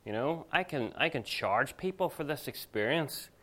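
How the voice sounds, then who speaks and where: A man's voice: mid-range voice, expressive, normal speed, fairly bright tone, voice pushed up. A man voicing a scheming male sorcerer who is eager to buy spiritual power, speaking in an enthusiastic, salesman-like way during a sermon.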